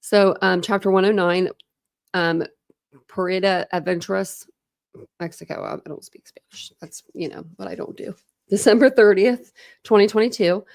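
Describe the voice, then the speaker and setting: A woman's voice: lowish voice, little pitch movement, moderate pace, gravelly, dry recording, clean studio sound. A woman reading a book aloud at home on a live stream, stopping often to chat, laugh and stumble over hard words. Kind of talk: casual live book read-through with commentary. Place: home room during a thunderstorm.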